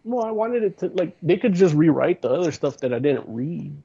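A man's voice: a little high, lively intonation, fairly quick, vocal fry, dark tone, slightly rough. A man hosting a podcast in casual chat, rambling and hesitant with lots of restarts. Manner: rambling, full of fillers and restarts. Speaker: podcast host. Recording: slightly dull lo-fi sound.

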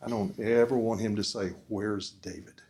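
A man giving an earnest preaching talk at a forum, asking the audience questions and swinging between loud emphasis and soft, quiet lines. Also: lowish voice, fairly even intonation, normal speed. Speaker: speaker at a discipleship forum.

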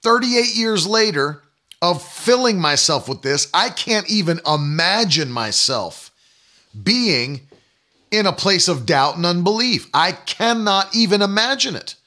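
Bright-voiced preaching man in his thirties. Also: sits high, animated, a little slow. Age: 30s. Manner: emphatic preaching, mocking quoted doubters. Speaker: pastor. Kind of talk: sermon.

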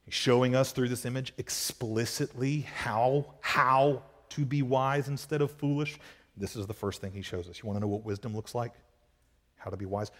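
A man preaching an expository sermon as pastor, emphatic and repetitive, asking rhetorical questions and swinging between loud and hushed. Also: mid-range voice. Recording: long reverb of a large hall.

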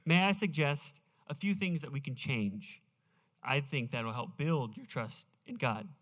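A man preaching a sermon in a church, earnest and deliberate, slowing down to read scripture with emphasis. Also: mid-range voice, animated, a bit bright. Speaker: pastor. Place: church sanctuary. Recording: reverberant church hall.

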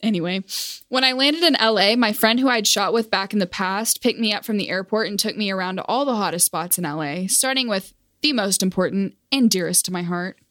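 A woman's voice: mid-range voice, brisk, a bit bright, dry recording, studio quality. A young woman telling a casual storytime monologue as a vlogger, self-deprecating and awkward, laughing at herself.

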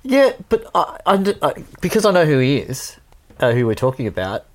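A man's voice: fairly high pitch, huge pitch swings, normal speed. A man, a pub musician chatting casually on a podcast, rambling and laughing often. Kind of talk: casual chat.

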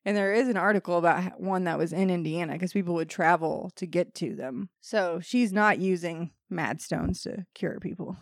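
A woman's voice: fairly low pitch, no room sound, clean studio sound. A woman hosting a podcast, reading a history story from notes and breaking into laughing banter with her co-hosts.

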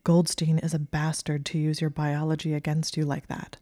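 A protective, possessive young wizard who murmurs low and gruff, as a woman narrator puts him on. The voice is dark and mellow, even in pitch, and recorded dry and close. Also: normal speed, no room sound, natural voice.

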